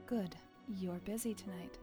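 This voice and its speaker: A woman's voice: mid-range voice, steady tone, unhurried, mellow, faint music behind, close to an everyday voice. A woman voicing a sly teenage girl radio host who teases and deflects, in a tabletop role-play. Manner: cool, teasing, coy.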